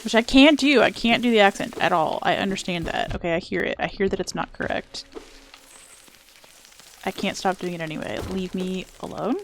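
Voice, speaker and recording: A woman's voice: medium pitch, normal speed, a little hiss or hum. A young woman chatting casually while streaming a video game, wry and self-mocking, with some swearing. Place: home room.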